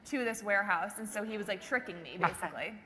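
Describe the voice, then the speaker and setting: A woman from Minnesota co-presenting at a conference, telling stories in an animated, amused way. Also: medium pitch, quick pace. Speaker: conference co-speaker. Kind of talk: lively storytelling to a live audience. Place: large conference hall. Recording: reverberant hall with faint ambient noise.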